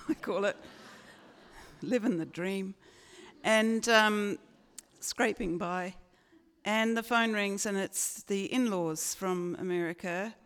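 A woman's voice: medium pitch, clean tone. A woman in her sixties from Australia telling a personal story in a chatty, self-mocking way, full of fillers. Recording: long hall reverb.

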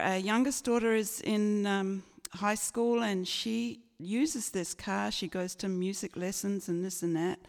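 Slow, gravelly older storyteller woman. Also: mid-range voice, a little mellow. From Australia. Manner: chatty, self-mocking, full of fillers. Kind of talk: told personal story. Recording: long hall reverb.

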